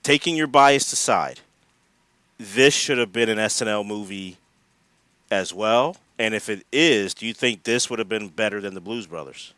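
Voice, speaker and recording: Animated male podcast co-host. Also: lowish voice, moderate pace, no echo. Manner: animated, acts out quotes, laughs often. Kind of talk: casual chat.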